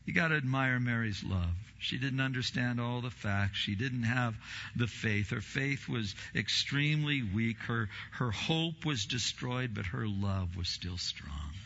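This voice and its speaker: A man preaching a sermon, acting out quoted voices with big swings in pitch and loudness. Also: lively intonation, measured pace, creaky, lo-fi sound. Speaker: pastor.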